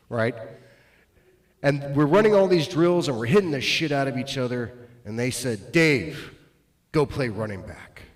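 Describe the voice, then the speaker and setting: A middle-aged man doing stand-up, telling self-deprecating stories that swing between loud bursts and muttered asides. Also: medium pitch. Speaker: stand-up comedian. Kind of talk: stand-up comedy storytelling. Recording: roomy echo.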